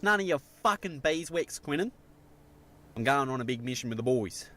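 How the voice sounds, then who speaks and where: A man voicing a brash, foul-mouthed Australian bloke in a gruff, swaggering manner. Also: medium pitch, expressive, normal speed, sharp tone. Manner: swearing, gruff bravado. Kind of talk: animated sketch voice acting.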